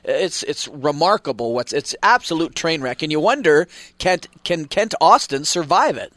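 A man's voice: fairly high pitch, lively intonation, normal speed, a bit bright, no echo. A Canadian man, a former player, co-hosting sports radio in an emphatic, conversational way. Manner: emphatic, conversational, frequent "like" and "right?".

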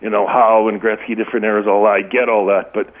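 A man's voice: lowish voice, fast. Man, 50s, radio caller, chatty and rambling, tinny phone line. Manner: chatty, rambling with restarts, animated storytelling. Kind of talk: phone-in storytelling.

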